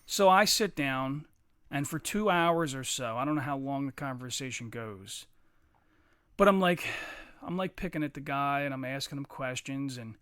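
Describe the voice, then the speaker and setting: A podcast co-host with a high, clean-toned voice launches into a long, casual story full of swearing, acting out the people involved with animated impressions. The studio-quality recording has no echo.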